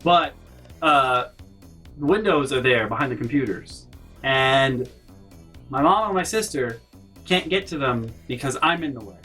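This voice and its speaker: A man telling a personal story in an animated, profane storytime rant, talking to his camera in his bedroom and shouting at the peaks. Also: mid-range voice, a little slow, long pauses, husky, soft background music. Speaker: storytime vlogger. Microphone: handheld camera in his room.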